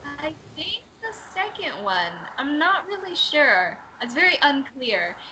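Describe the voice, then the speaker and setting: High, bright-voiced woman teaching slowly. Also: sing-song, a little hiss or hum, low-quality recording. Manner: hesitant, self-correcting, laughs at herself. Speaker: English teacher. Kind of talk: online reading class. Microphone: video call.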